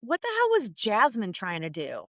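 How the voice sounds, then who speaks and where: A woman trades blunt, opinionated gossip in a casual podcast chat. Her voice is bright and forceful. It is recorded close and dry, with no room sound. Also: mid-range voice, moderate pace, no room sound. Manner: blunt, opinionated, animated storytelling. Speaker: podcast co-host.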